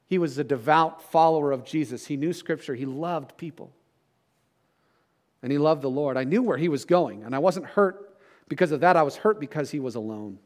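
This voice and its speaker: A middle-aged man, a pastor, preaching a sermon in a conversational way, often checking in with "right?". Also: mid-range voice.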